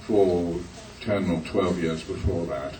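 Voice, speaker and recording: An older man, a guest actor on a convention panel, telling a story haltingly with many pauses and uhs. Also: deep voice, warm tone. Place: convention hall. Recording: echoey hall, distant mic, faint noise.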